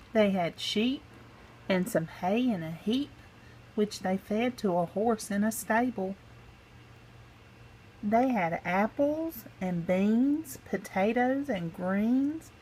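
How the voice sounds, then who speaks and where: Woman slowly reading a rhyming storybook. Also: medium pitch, lively intonation, darkish tone, a little hiss or hum, low-quality recording. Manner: slow, rhythmic, sing-song delivery. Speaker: storybook reader. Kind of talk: rhyming picture-book narration.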